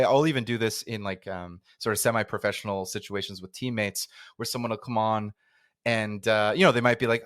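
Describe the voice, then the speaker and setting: A man's voice: medium pitch, fairly bright tone, dry recording, studio quality. A Canadian man hosting a podcast interview, chatting casually, rambling and restarting his sentences and laughing easily. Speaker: podcast host.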